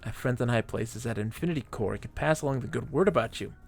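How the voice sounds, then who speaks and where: A man's voice: mid-range voice, fast, creaky, soft background music. A man reading the lines of a scheming male corporate informant in a space game, in a conspiratorial tone.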